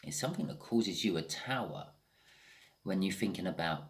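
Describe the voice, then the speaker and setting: A man's voice: fairly low pitch, lively intonation, moderate pace, gravelly. A man giving a casual tarot reading, thinking aloud with frequent restarts and the odd swear word. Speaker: tarot reader.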